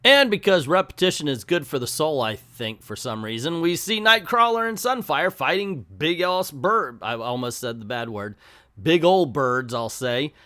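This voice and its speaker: A man's voice: fairly high pitch, expressive, normal speed, fairly bright tone. A man hosting a comic book video, recapping a story in a casual, chatty way with joking asides.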